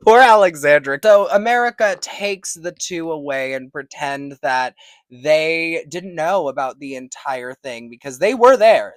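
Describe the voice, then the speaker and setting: A young woman casually recapping a movie, animated and profane, often laughing. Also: low voice, slow pace, dry recording. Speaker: movie reviewer.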